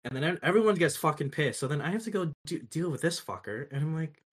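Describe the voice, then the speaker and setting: A young man with a slightly husky, somewhat higher voice tells stories in casual chat. He is animated and profane and laughs often between lines. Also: fast talker. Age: young adult.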